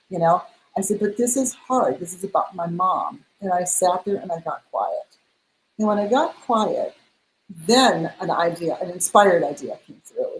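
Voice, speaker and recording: The recording is low quality with a little hiss or hum. Over it, a middle-aged woman with a mid-range voice, a spiritual mentor, animatedly tells an interviewer a personal story and plays out the dialogue she cites.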